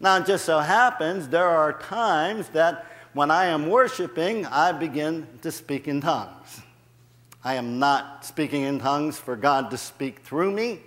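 A man preaching a sermon in a church, animated, building in volume and laughing at himself as he goes. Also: fairly high pitch, a little slow, long reverb tail. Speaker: guest preacher. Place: church sanctuary.

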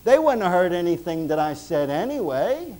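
A man preaching a sermon as pastor, emphatic, swinging between loud stresses and hushed closing prayer. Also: sits high, very animated, moderate pace, low-quality recording.

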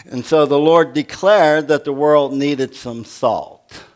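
Slow-preaching older male pastor. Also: fairly high pitch, a little mellow. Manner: folksy, humorous preaching that asks the congregation questions. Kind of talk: sermon.

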